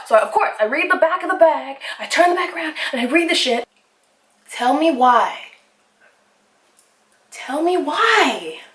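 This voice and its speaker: A woman's voice: sits high, fairly bright tone, reverberant. A young woman telling a storytime vlog in a casual, rambling way, swearing freely and piling on fillers. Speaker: vlogger. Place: indoors at home, sunlit room.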